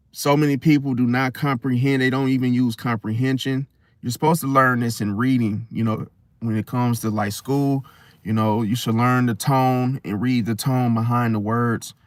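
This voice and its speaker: A young man talking casually to camera, telling a personal story in an animated, slangy way. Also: medium pitch, moderate pace, no room sound. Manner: animated storytelling, slangy, swings loud and soft. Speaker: host.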